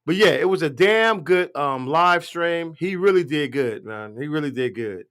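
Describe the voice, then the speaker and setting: Profane, ranting man with a high voice. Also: animated, normal speed, a bit bright, clear, resonant tone. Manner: profane, blunt, rambling. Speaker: live stream host. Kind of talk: casual political rant.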